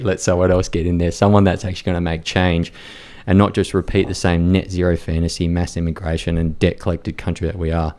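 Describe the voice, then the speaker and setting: Blunt deep-voiced man. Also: little pitch movement, fairly quick, few pauses, darkish tone. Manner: blunt, profane, rambling with many fillers. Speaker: podcast guest, war reporter. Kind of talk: casual storytelling chat.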